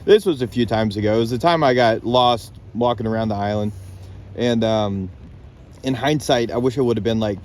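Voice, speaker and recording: A man's voice: medium pitch, moderate pace, a little mellow, slight background noise. A young man rambling casually into his phone while camping alone on a lake island, loose and laid-back, with some swearing. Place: outdoors on a lake island, in a tent and by a campfire. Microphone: handheld phone camera.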